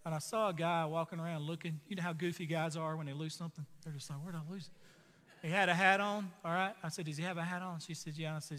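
A man's voice: a little high, big-room sound. A man preaching a sermon in a casual, joking way, often putting questions to the listeners. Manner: conversational, jokey, asks the audience questions. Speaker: pastor.

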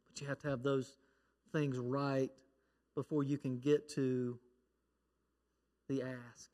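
A man's voice: mid-range voice, level tone, slow pace, long pauses, big-room sound. A middle-aged man preaching a sermon as pastor, telling stories and acting out voices from them. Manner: storytelling, acts out a child's shouting prayer.

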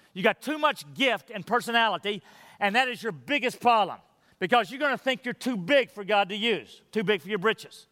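A man preaching a sermon emphatically, sinking to quiet, intense low tones on key points. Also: big-room sound. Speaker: pastor.

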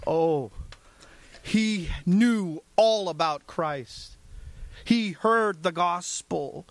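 A male preacher delivers a sermon at a very slow, deliberate pace. He moves between hushed and fervent emphasis, and his voice sounds dry and close with little room echo. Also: sits high.

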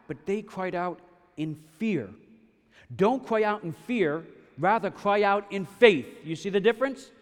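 A man preaching a sermon, emphatic, shifting between loud bursts and hushed passages, often checking in with his listeners with "yes?" and "right?". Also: high-pitched, big-room sound. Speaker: pastor.

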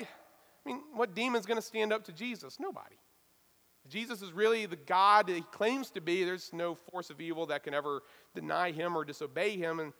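A man preaching a sermon as a pastor, talking in a casual, lively way with touches of self-deprecating humor. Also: sits high, in a large hall.

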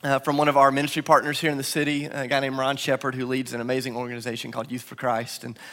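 A pastor with a mid-range voice talks fast as he preaches a sermon to his church in a large hall, where a long reverb trails his words. He tells stories with animation, acting out the quotes.

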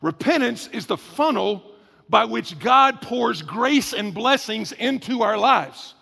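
A man's voice: very high voice, vocal fry, fairly bright tone, big-room sound. A man preaching a sermon as pastor, in a conversational, emphatic way, stretching out key words. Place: church.

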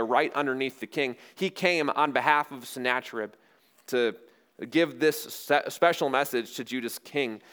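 A man preaches a sermon like a storyteller, building to loud rhetorical questions and then dropping to quiet, low phrases. His voice is smooth and clear, sitting at a middling pitch for a man. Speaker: pastor.

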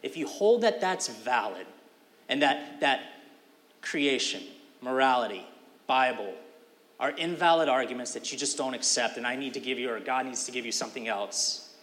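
A man's voice: medium pitch, expressive, moderate pace, a bit bright, long reverb tail. A man giving a sermon as pastor, talking in a conversational, emphatic way with casual fillers.

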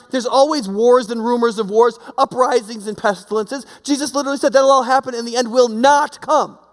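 A man's voice: extremely high pitch, big-room sound. A man preaching a sermon in a conversational way, full of fillers and rhetorical questions. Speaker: pastor.

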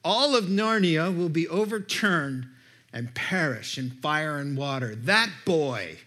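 A haughty, mocking wicked queen who insists on her rights, as a preacher reads her lines in his own slow, higher-pitched voice. She speaks with cold authority, pressing her claim word by word. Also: animated, sharp tone, exaggerated voice. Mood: imperious. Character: imperious wicked queen, woman, demanding her due. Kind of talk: sermon storytelling.

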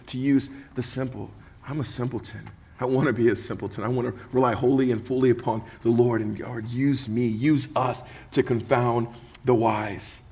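Husky, earnest male pastor preaching. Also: high-pitched. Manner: earnest preaching with humorous storytelling. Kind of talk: sermon.

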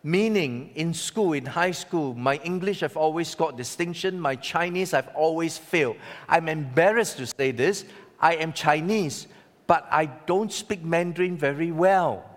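A man preaching a sermon, telling a personal story with dramatic swings between loud and hushed delivery. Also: fairly high pitch, unhurried. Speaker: pastor. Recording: long hall reverb.

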